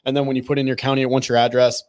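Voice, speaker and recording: A man on a podcast telling stories in a casual, animated way, swearing now and then and acting out what people said. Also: mid-range voice, racing. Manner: animated, profane, quotes people in their voices. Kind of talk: casual storytelling chat.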